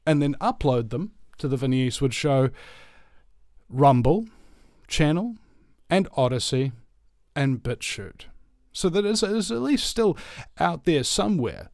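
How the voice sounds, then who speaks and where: Kiwi guy hosting his radio show, rambling, lots of uhs, dry close sound, mid pitch. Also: a little mellow, no room sound. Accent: New Zealand. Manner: rambling, halting with many uh fillers and restarts. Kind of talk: casual radio monologue.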